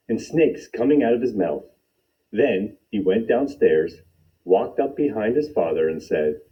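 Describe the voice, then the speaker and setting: A man reading a children's picture book aloud with expressive, animated storytelling. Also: fairly low pitch, a little slow. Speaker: storytime reader. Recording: dull lo-fi recording.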